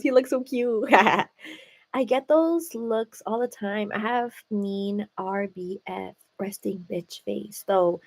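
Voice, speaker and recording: With vocal fry in her mid-range voice and a slow pace, a woman tells a story on her live stream while seated at home. She stays chatty and animated, using "like" heavily and saying "you know" often.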